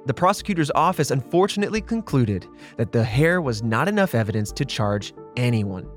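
A man's voice: mid-range voice, big pitch swings, brisk, soft background music. A man hosting a podcast, telling a true-crime case in a casual, chatty way and acting out quotes. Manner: conversational storyteller, acts out quotes. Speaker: podcast host.

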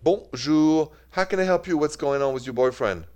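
A man from France with a French accent, hosting a call-in love and relationships radio show, unhurried and mixing in French greetings. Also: fairly high pitch, smooth. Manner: warm-toned, unhurried, mixes French greetings into English. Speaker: radio advice show host.

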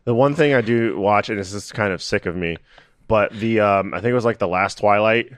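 A man co-hosting a casual podcast chat, recounting eagerly with bursts of excitement. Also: lowish voice, fairly quick, dry recording, clean studio sound. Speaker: podcast co-host.

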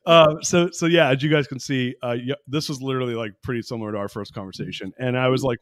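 A man's voice: mid-range voice, quick pace, dry recording, clean studio sound. A man in his forties hosting a podcast interview, enthusiastic and chatty. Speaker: podcast host.

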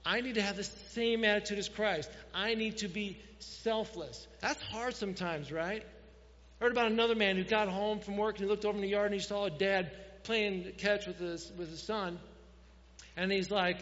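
A man preaching to fathers, his fairly high voice carried through a long, ringing hall reverb. He shifts easily into storytelling mode, and the recording sounds dull and lo-fi. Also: steady tone, moderate pace, fairly bright tone. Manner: storytelling, addresses fathers directly. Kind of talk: sermon.

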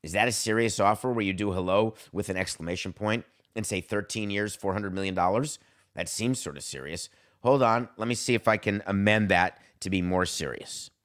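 A middle-aged man hosting a solo sports podcast, talking in a jokey, theatrical way and swinging his pitch up for emphasis. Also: brisk, fairly bright tone. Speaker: podcast host.

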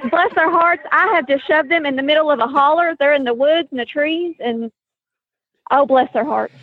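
A woman's voice: high voice, moderate pace, narrow, tinny audio. A woman from East Tennessee with an East Tennessee accent, calling in to a radio show, folksy and jokey with frequent laughter. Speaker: caller. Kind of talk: casual phone call.

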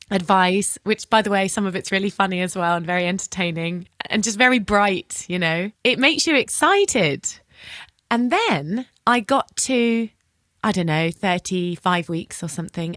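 A woman hosting a podcast, telling a personal story in a lively way, acting out dialogue with casual swearing and frequent laughs. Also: medium pitch, no room sound, studio quality. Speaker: podcast host.

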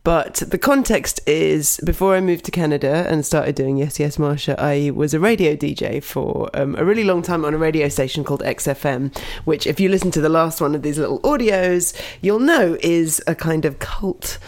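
Chatty giggly woman hosting her own show, bit of fry in her voice. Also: low voice, moderate pace, hardly any pauses, a little mellow. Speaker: podcast host. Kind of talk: casual storytelling introduction.

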